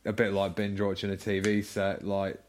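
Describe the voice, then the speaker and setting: A man's voice: lowish voice, completely flat delivery, moderate pace. A man co-hosting a casual games podcast, easygoing and agreeable. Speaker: podcast co-host.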